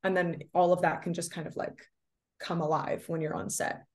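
Chatty young American actress, low voice. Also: female voice, level tone, moderate pace. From United States. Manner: chatty, many fillers, laughs often. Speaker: actress, interview guest. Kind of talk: casual interview chat.

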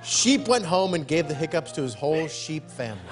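A man reading out the stage directions for a comic sketch in a TV studio, steady and plain. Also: fairly high pitch, fairly quick. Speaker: announcer and show regular. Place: TV studio with audience. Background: studio audience and music.

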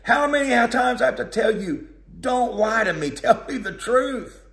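Man doing a raging king's voice, high and strained, loud, echoey room. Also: animated, normal speed, creaky, heavily acted. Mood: angry, commanding. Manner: shouting, threatening. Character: angry ancient king, man, domineering and hot-tempered.

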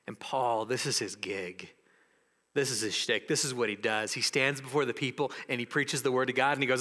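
A man preaching a sermon as pastor, animated and acting out the voices of people in the story. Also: a little high, brisk, long reverb tail.

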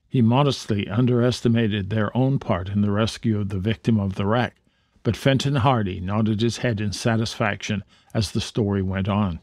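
A man reading a children's adventure book aloud in a calm, even way. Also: fairly low pitch, no room sound, studio quality. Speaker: storyteller.

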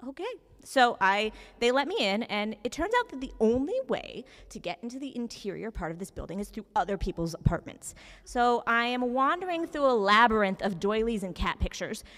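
A woman's voice: on the high side, brisk. Young woman telling a story, echoing hall. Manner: animated, self-mocking, conversational. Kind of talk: live personal storytelling. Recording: reverberant hall.

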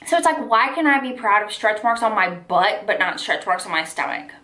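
A woman's voice: medium pitch, very animated, fairly quick, pushed and bright. Chatty woman, echoey room. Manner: candid and chatty, full of "like" and "y'all". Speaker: lifestyle vlogger. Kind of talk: casual heart-to-heart talk to camera.

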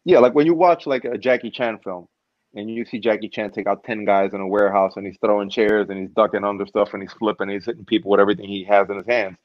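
A man's voice: lowish voice, fast talker, dry recording, lo-fi sound. A man guest in a casual interview, telling stories and acting out what people say. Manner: animated storyteller, acts out quotes. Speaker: stunt performer guest.

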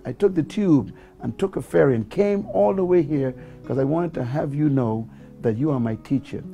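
A man's voice: mid-range voice, vocal fry, mellow. A man from the Bahamas with a Bahamian accent, telling a life story as a talk-show guest and building to preacherly exhortation. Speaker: guest speaker.

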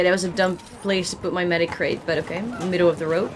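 A woman streamer giving excitable, chatty commentary while playing a shooter game, often exclaiming and laughing at herself. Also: lowish voice, quick pace, background noise. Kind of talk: casual gameplay commentary. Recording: game gunfire loud behind the voice.

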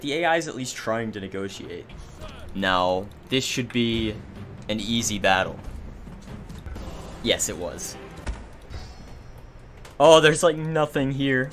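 A man's voice: fairly low pitch, a bit bright, a little hiss or hum. A man giving casual gameplay commentary as a let's play host, joking and sarcastic with mock-dramatic complaints.

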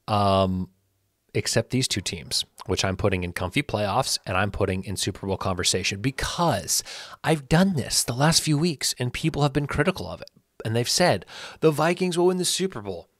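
A man with a low voice talks through his picks in a casual solo commentary, correcting himself as he goes and growing animated when he rants. The sound is close and dry. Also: no echo. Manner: rambling, self-correcting, animated when ranting. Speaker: sports channel host.

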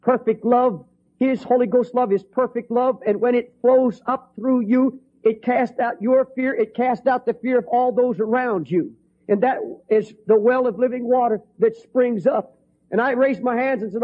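A middle-aged male preacher telling a story from the pulpit, his voice sitting high for a man. He swings between hushed, tender passages and ringing, fervent cries. The recording is dull and lo-fi. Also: moderate pace. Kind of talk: storytelling sermon.

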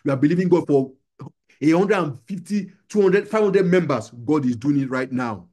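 Husky-voiced man preaching with fervor. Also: fairly high pitch, expressive, moderate pace, darkish tone. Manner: exhorting, repetitive preaching with call-and-response. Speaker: pastor. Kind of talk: sermon. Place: small church gathering.

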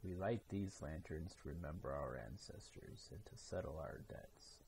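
Man voicing an old ninja master, solemn, low, gravelly. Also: moderate pace, darkish tone, slight background noise.

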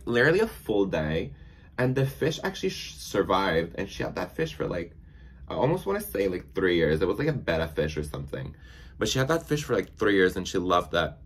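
A man's voice: on the low side, pushed and bright, slightly rough. A young man chatting casually while doing makeup, rambling through stories with lots of filler words. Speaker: beauty vlogger.

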